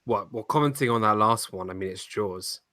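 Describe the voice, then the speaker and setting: A man's voice: fairly low pitch, moderate pace, sharp tone, no room sound, clean studio sound. An American man co-hosting a casual movie chat, talking with gushing enthusiasm. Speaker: podcast co-host.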